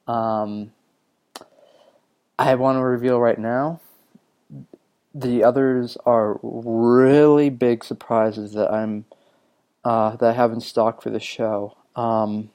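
A man's voice: mid-range voice, a little mellow. A man from New Mexico hosting a music podcast solo, rambling casually with lots of ums and self-amused asides.

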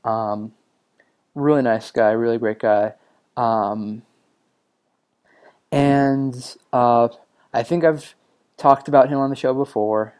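A man's voice: medium pitch, slow pace, pauses often, a little mellow, clean tone. A man from New Mexico hosting a music podcast solo, rambling casually with lots of ums and self-amused asides.

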